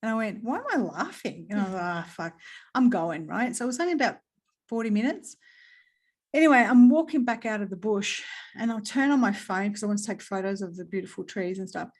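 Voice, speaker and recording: Aussie woman yarning away, animated, swears a lot, acts out the quotes. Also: medium pitch, fast talker. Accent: Australian. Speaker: guest. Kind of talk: casual chat.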